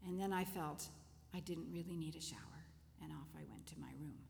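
An older woman shares a personal testimony, her voice slow to find words and tender. A gravelly edge runs through her speech. The sound carries a long reverb, as if from a large hall. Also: low-pitched. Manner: gentle, emotional, halting storytelling. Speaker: testimony speaker.

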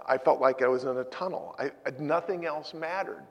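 Male pastor, sermon delivery, emphatic then soft, slightly high and gravelly, long hall echo. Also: normal speed, hardly any pauses, muffled recording. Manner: emphatic preaching that drops to soft personal storytelling.

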